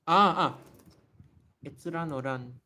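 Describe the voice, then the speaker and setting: A man's voice: a little high, takes it slowly, bright, forceful tone. A man hosting a casual livestream Q&A, thinking aloud and often correcting himself and apologizing. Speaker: livestream host. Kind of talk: casual livestream Q&A while writing.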